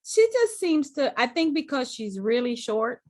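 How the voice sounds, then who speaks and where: Woman, 40s, podcast co-host; high, swinging pitch, expressive, laughs easily. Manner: expressive, quick laughs, reacts with short asides. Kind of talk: casual chat.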